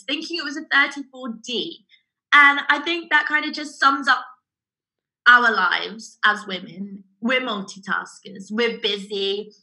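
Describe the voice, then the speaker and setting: Bright, lively woman. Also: fairly high pitch, unhurried, rough recording. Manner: animated storyteller who acts out customers' voices. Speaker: guest, bra fitter. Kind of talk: casual podcast conversation.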